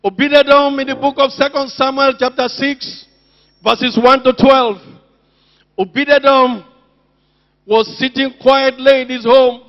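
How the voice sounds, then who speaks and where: A man's voice: very high-pitched, flat delivery, a little slow, muffled recording. A man preaching a sermon at a church service, calling out to the congregation with passion. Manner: impassioned, calls out to the congregation.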